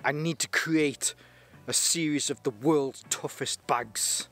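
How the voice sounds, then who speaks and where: A man's voice: on the high side, takes it slowly, a bit bright. A man voicing a proud ancient Finnish warrior with a mock Finnish accent, making solemn, boastful declarations.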